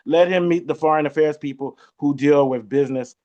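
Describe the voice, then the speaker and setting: A forceful man leads a panel discussion, often cutting in on the others. His voice sits a bit high for a man. It comes through dull and lo-fi. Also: a little fast. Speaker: host. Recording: dull lo-fi sound.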